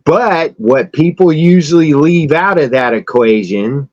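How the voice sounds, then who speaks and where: A man's voice: fairly high pitch, measured pace, darkish tone, no echo, muffled recording. A man in casual podcast chat, talking about faith in an emphatic, blunt way. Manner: emphatic preacher-like delivery, blunt and straightforward.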